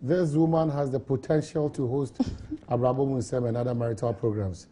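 A man's voice: medium pitch, fairly even intonation, warm tone, a little hiss or hum. A man with a Ghanaian accent hosting a radio talk show and reading listener texts aloud. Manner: brisk, reads messages aloud.

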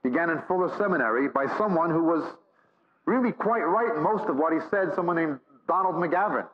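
A man delivers a sermon from the pulpit, his voice sitting a little high for a man. He preaches with emphatic, repeated phrases and long lists. The recording sounds dull and lo-fi. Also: expressive, fairly quick. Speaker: Bible teacher.

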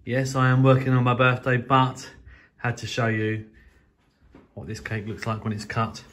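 A man's voice: mid-range voice, little pitch movement, moderate pace, fairly bright tone. A man chatting cheerfully in a casual family vlog. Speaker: vlogger, birthday boy.

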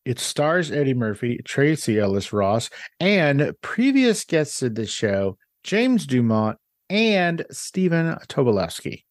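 A man's voice: mid-range voice, sing-song, slow pace, no room sound, clean studio sound. A man hosting a podcast, chatting casually and enthusiastically recommending shows. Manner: enthusiastic, plugs shows to listeners. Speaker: podcast host.

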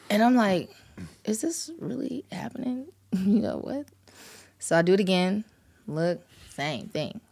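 A woman with a low voice tells a story as a podcast guest. She talks casually and animatedly, and laughs through parts of it. The delivery is loose and conversational.

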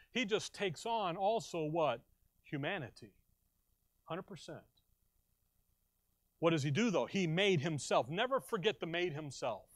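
An American man preaching a sermon, who asks the congregation questions, answers them himself and acts out quoted voices with big swings in loudness. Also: high voice, no room sound, clean studio sound. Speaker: pastor.

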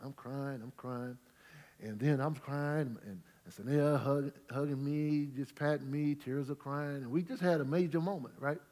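A middle-aged male pastor preaching, swinging from quiet storytelling to loud, shouted praise. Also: medium pitch, fairly even intonation, normal speed. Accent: St. Louis Black American Southern-tinged. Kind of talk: preaching a Bible study sermon. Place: church sanctuary with congregation.

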